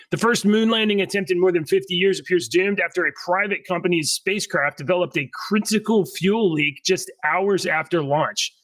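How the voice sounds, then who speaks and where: A man co-hosts a podcast in easygoing chat and reads news items aloud, often clearing his throat. His voice sits fairly high. The sound is dry and a little distant from the mic. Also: moderate pace, a bit bright, no room sound. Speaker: podcast co-host.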